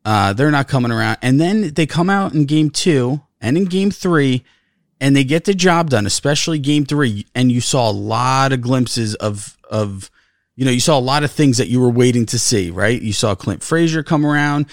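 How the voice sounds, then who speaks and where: Co-host, male, heated sports rant, swearing, very animated delivery, dry close mic. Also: medium pitch, normal speed, dry recording. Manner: profane, frustrated, repeats himself. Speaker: podcast co-host.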